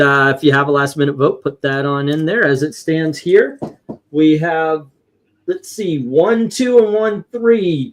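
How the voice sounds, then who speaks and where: Upbeat male host, slightly high voice, casual livestream panel chat, tallies scores aloud. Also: a bit bright. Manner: upbeat, tallying votes aloud.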